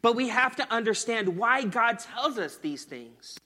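High bright-voiced male preacher, echoing hall. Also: expressive, measured pace. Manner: earnest, conversational storytelling. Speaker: pastor. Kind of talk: sermon.

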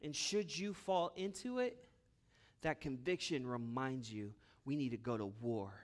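A man preaching a sermon as a pastor, with impassioned delivery that swings between loud urgent bursts and hushed asides. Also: medium pitch, measured pace.

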